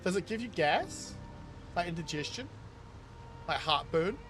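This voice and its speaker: A man's voice: sits high, expressive, measured pace, music in the background. A man, chatting casually with his live-stream viewers as he plays, reading chat aloud and laughing often. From New Zealand. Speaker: game streamer.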